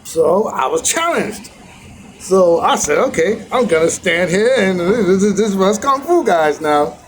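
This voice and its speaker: A man with a somewhat high voice shares a rambling, reflective story with his viewers, circling back and restarting his sentences as he goes. He gets animated when he retells moments of being challenged. Quiet outdoor ambience hums faintly behind him. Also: unhurried, a little hiss or hum, poor audio. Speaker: vlogger sharing a daily teaching.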